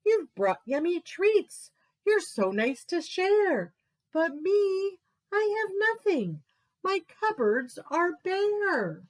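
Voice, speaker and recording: A woman doing a glum storybook bear, pitched high. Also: very animated, slow pace, heavily acted, poor audio. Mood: sorrowful. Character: sad, shy male bear who feels he has nothing to give.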